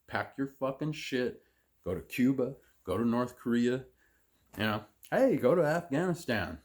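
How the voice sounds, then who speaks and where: A man's voice: medium pitch, a little mellow. A man delivering an angry, sarcastic, profanity-heavy rant as a vlogger. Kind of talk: profane political rant to camera.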